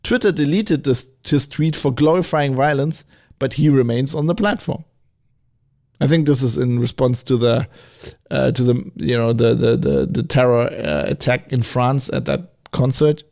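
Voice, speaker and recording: A middle-aged man hosting a podcast, talking in a rambling, animated way with many restarts and asides. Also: mid-range voice, normal speed, gravelly. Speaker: podcast host. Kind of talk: opinionated solo podcast talk.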